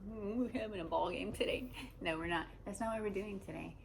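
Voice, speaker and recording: A woman's voice: mid-range voice, a little fast, gravelly, noisy background. A woman hosting an unscripted monologue who rambles and jumps between ideas. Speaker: host.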